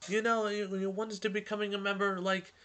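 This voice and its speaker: A man hosting a casual vlog and reading a storybook aloud, talking in an excited ramble full of restarts. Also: sits high, fast, smooth. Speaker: host.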